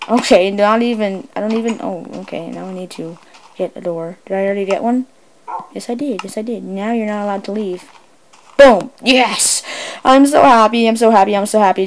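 A woman giving casual, excitable commentary while she plays, chatting away and coaxing her pet in the game. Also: mid-range voice, moderate pace, a little hiss or hum, rough recording. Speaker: let's play host.

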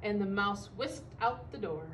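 A woman teacher reading a picture book aloud to children, expressive and stopping to comment on the pictures. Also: medium pitch, far from the mic, slight background noise, rough recording. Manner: expressive, pausing to comment for young listeners.

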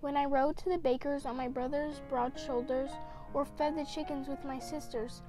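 A woman reading a children's picture book aloud, with gentle, expressive storytelling. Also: sits high, moderate pace, music in the background. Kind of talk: read-aloud storybook narration.

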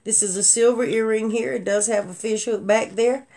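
A woman's voice: fairly high pitch, steady tone, normal speed, vocal fry, mellow. A woman hosting a live online jewelry sale and Bible quiz, talking in a chatty, folksy way to her viewers. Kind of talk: casual live-stream selling with Bible trivia.

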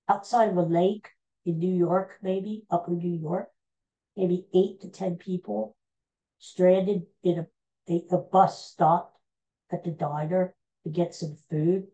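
A woman hosting a podcast, recapping old TV episodes in a casual, meandering, animated storytelling way. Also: fairly low pitch, rough recording. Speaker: podcast host.

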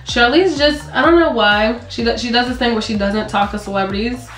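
A young woman vlogger chatting casually, telling an animated story and acting out quotes in a higher voice. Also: a little fast. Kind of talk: casual chat. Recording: echoey room with faint music.

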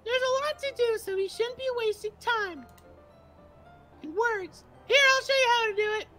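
A woman's voice: moderate pace, bright, forceful tone, soft background music. Natsuki, a woman voicing a bratty tsundere girl. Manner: high, snippy and flustered. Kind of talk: reading visual novel lines aloud.

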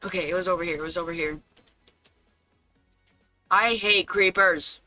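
A man streaming a game live, talking casually to his chat, fretting aloud and now and then bursting into loud dramatic cries. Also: high voice, fairly even intonation, normal speed, no echo, soft background music.

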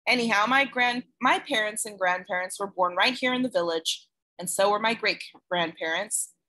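A woman's voice: mid-range voice, normal speed, pushed and bright, natural voice. A woman voicing a teenage girl who is anxious and protective of her little brother, speaking tensely and earnestly.

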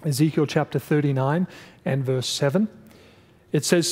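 Brief: male pastor, higher-pitched voice, emphatic class teaching, long church reverb. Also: moderate pace, pauses often, darkish tone. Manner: emphatic, asks the class questions. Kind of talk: Bible study lesson.

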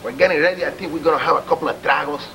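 A man's voice: fairly high pitch, rapid-fire, background noise. A man wrestler in boastful, joking backstage banter.

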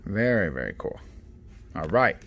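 A man hosting a card-opening video, listing cards quietly and getting excited over good pulls. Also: measured pace. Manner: excitable, repeats "guys" and "oh my god"; lists cards in a low, subdued voice. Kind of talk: casual unboxing commentary.

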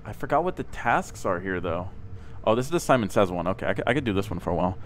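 A man's voice: on the low side, lively intonation, fast, a little hiss or hum. A man streaming a game with viewers over voice chat, joking and swearing in loose banter. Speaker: streamer playing with subscribers. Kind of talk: casual gaming voice chat.

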